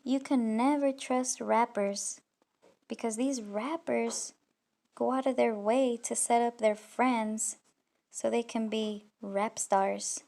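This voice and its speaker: A woman runs a reaction video in a scornful, accusatory rant that rambles from one charge to the next. Her slightly high voice has a gravelly, fried edge, and she keeps her pitch flat as she talks. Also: slow pace, slight background noise. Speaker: YouTube commentator.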